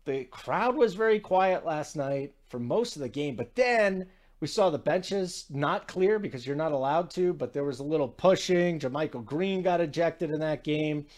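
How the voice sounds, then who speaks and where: A male sports talk host with a slightly high voice chats energetically about games and bets. He talks casually and digressively, like he is telling the audience a story. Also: animated, normal speed, a little mellow. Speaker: sports betting show host.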